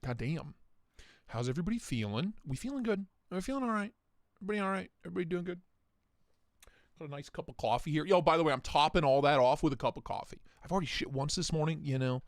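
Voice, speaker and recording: A man's voice: on the high side, lively intonation, fast, no echo, studio quality. A man hosting a casual livestream, joking and rambling as he greets viewers by name. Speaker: livestream host.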